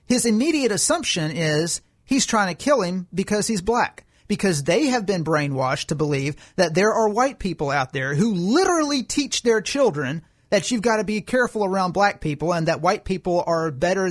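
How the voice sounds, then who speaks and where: A man co-hosting a political podcast, making his case in an emphatic, lecturing way. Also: high-pitched. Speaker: podcast co-host. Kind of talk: political commentary chat.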